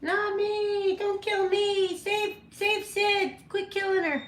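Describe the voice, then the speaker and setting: A woman's voice: level tone, slow pace, fairly bright tone, echoey room, heavily acted. A woman squealing as a frantic pet parrot. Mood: panicked. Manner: shrill, pleading, high-pitched cries.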